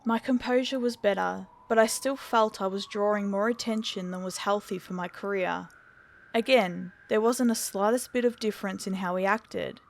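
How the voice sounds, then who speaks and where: A woman narrating a scripted horror story in a steady, measured storytelling voice. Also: mid-range voice, vocal fry.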